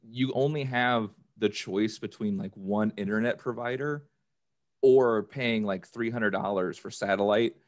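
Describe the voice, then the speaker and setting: A man co-hosting a podcast, chatting in a relaxed, rambling way. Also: on the low side, a little slow. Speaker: podcast co-host. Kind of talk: casual chat.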